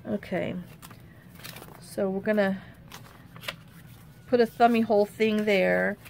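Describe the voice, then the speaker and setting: A woman hosting a casual crafting tutorial. She thinks aloud in a rambling, chatty way and often drops into quiet muttering to herself as she works. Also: medium pitch, fairly even intonation, slow pace, creaky, a little hiss or hum. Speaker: crafting channel host.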